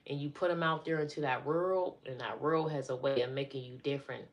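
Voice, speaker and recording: A woman's voice: extremely low pitch, a little fast, muffled recording. A middle-aged woman chatting casually on a live stream, talking to her viewers as y'all.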